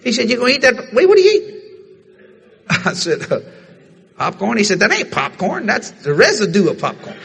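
A male preacher tells a sermon story with lots of energy, acting out each person's lines as he goes. His voice sits high and sounds bright. Faint background noise runs under it. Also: fairly quick, creaky. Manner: animated storytelling, voicing others in dialogue.

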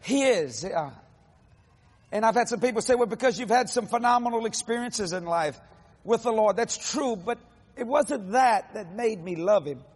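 A man in his sixties preaching a testimony sermon, telling his story in a lively, animated way and acting out the voices of others, with casual folksy grammar. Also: high voice, moderate pace, slightly rough, in a large hall. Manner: animated storytelling, acts out quotes.

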